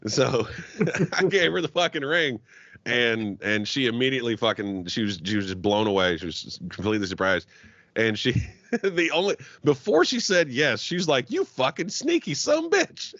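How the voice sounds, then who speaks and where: On dull, dry, lo-fi podcast audio with no echo, a guest of Arab heritage spins a lengthy, foul-mouthed tale, voicing the quotes with lively acting. His voice is mid-range and his speed normal as he chats casually.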